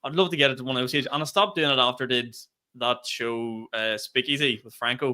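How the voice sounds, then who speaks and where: A man tells gig stories on a casual podcast, talking quickly and laughing through his lines. His voice is bright and forceful, and his delivery is lively and loose. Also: mid-range voice. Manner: animated storyteller, laughs mid-sentence, swears freely. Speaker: podcast co-host, stand-up comedian.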